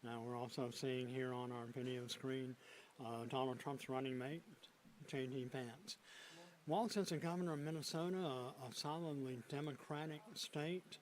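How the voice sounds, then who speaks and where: A man anchoring a local TV news broadcast from a studio desk, often restarting his sentences and filling pauses with "uh". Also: mid-range voice, steady tone, low-quality recording. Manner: halting, frequent fillers and restarts. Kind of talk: news broadcast with unscripted asides.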